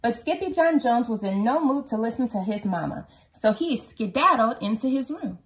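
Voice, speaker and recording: A woman reads a picture book aloud to her children in a lively, expressive voice. Her pitch sits a bit high and swoops widely as she brings the story to life. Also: normal speed. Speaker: mother reading to children.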